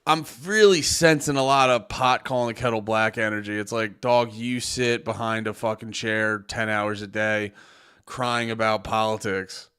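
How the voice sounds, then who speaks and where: A man's voice: on the low side, fairly even intonation, normal speed, pushed and bright, clear, resonant tone. A man streaming casual reaction commentary, exasperated and profane, rambling with lots of fillers.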